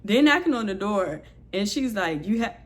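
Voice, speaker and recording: A woman from New Orleans, USA, is new to the channel and tells her story in a storytime vlog, retelling events candidly and expressively while saying "like" a lot. She speaks in a mid-range voice at a moderate pace.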